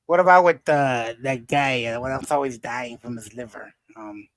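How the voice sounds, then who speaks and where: A man's voice: medium pitch, normal speed, dry recording. Rambling man hosting a live panel. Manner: rambling, gropes for names. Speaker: livestream panel host. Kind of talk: casual chat.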